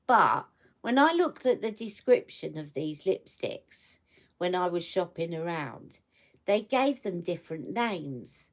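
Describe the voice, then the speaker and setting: A woman hosting a beauty livestream from home, chatting casually and checking in with her viewers as she shows products. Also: on the low side. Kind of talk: casual live product review.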